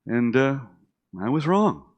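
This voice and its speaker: A middle-aged man takes it slowly in a medium-pitched voice, and the recording's highs are cut off. He tells his own story casually and animatedly, acting out others' dialogue with many fillers and restarts.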